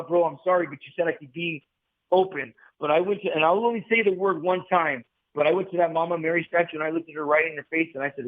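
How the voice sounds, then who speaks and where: A man telling his conversion story in a casual podcast conversation, emphatic and animated, with slang like "bro" and "brother". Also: high voice. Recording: tinny phone-like audio.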